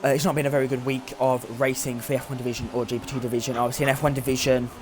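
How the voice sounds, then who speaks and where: A man's voice: mid-range voice, little pitch movement, rapid-fire. A young man doing live commentary on a sim race, rambling and joking with lots of fillers. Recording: faint background noise.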